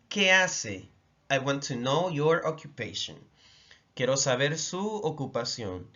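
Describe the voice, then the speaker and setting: A man from the Dominican Republic with a Dominican Spanish accent, teaching a language lesson slowly and repeating phrases for learners. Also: a little high, sharp tone, dull audio.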